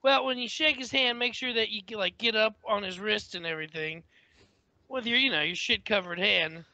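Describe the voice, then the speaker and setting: A man's voice: high-pitched, moderate pace, bright, forceful tone, no room sound. A man co-hosting a podcast, spinning out gross joke scenarios step by step. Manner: gravelly, spins out gross scenarios. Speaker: podcast co-host. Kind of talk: crude comedic banter.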